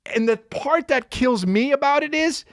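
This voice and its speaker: A man's voice: extremely high pitch, normal speed, no room sound, clean studio sound. A man hosting a podcast, ranting casually in a profane, rambling way, full of restarts as he tells a story. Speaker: podcast host. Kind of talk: casual comedic rant. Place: podcast studio.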